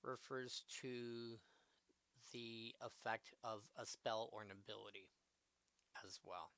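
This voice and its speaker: A man's voice: on the low side, fairly even intonation, slow pace, fairly bright tone, smooth, no room sound. A man casually commenting on a live stream, reading card text aloud and adding musing asides. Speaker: streamer opening card packs.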